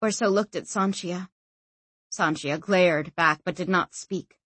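A woman narrating a novel as an audiobook, expressive and acting out every figure. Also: on the low side, measured pace, slightly rough, dry recording. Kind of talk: scripted narration.

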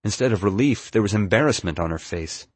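A man reading a first-person adventure story aloud in a steady, measured way. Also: lowish voice, breathy edge, no room sound. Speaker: audiobook narrator. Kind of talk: scripted first-person narration.

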